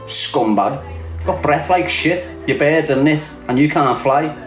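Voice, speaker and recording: This livestream host is a middle-aged Scouser from the Liverpool area, speaking unhurriedly in a slightly high voice. His casual rant is full of streetwise mockery and frequent laughter, and everyone gets called "lad". There's a roomy echo and some faint music.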